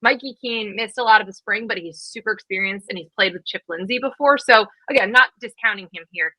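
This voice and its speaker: A woman in her thirties co-hosting a college football podcast, talking fast and casually with lots of fillers. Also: mid-range voice, bright, forceful tone, no room sound, poor audio. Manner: quick, chatty, many fillers. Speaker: podcast co-host. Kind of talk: casual sports chat.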